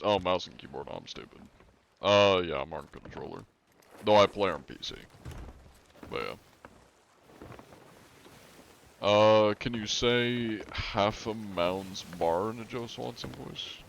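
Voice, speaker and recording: Gravelly low-voiced young male streamer. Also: takes it slowly, pauses often, a little hiss or hum. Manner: laid-back, reads chat aloud, laughs often. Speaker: game streamer. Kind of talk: casual live-stream chat.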